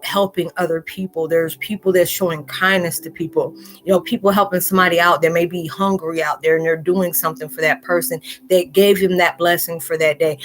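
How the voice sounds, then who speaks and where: A woman's voice: on the low side, fairly bright tone. A woman vlogger talking earnestly and emotionally in a loose, rambling monologue, acting out the people she quotes. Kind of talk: heartfelt monologue to camera.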